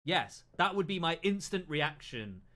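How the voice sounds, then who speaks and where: A man's voice: on the high side, sing-song, a little slow, a bit bright. A man giving casual reaction commentary, thinking aloud, repeating himself and swearing freely.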